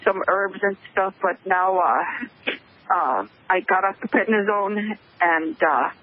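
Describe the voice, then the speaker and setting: A woman calling into a radio talk show, emotional and tearful, speaking haltingly over a muffled phone line. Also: mid-range voice. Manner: halting, hesitant speech. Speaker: caller. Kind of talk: call-in radio conversation.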